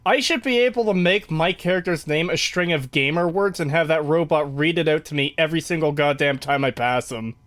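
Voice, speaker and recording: Rambling podcast man, slightly high voice. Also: a little fast, few pauses, a bit bright. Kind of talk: casual podcast chat.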